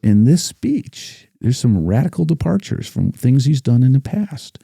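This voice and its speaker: A man's voice: medium pitch, sing-song, a little slow, vocal fry, warm tone, husky, dry recording, clean studio sound. A man, a battlefield guide guest on a podcast, speaking emphatically and reciting passages with building force. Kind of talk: casual podcast discussion.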